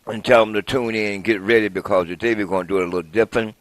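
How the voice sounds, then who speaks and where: A man's voice: on the low side, fairly even intonation, quick pace, hardly any pauses, no room sound. A man hosting a live local TV program in a folksy, rambling way, correcting himself as he goes. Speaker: TV host.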